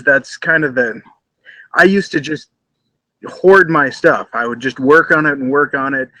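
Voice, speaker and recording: A man's voice: on the high side, pushed and bright, no echo, rough recording. A man in a casual chat, talking reflectively about creative work with lots of restarts.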